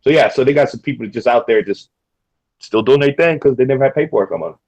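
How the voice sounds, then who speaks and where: A man's voice: medium pitch, fast, darkish tone, muffled recording. A man from Louisiana chatting casually over a video call, rambling and repeating himself in slangy talk.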